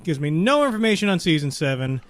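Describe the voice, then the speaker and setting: A man co-hosting a podcast in casual chat, dry and joking, quick to laugh. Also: on the high side, sing-song, noisy background. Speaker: podcast co-host.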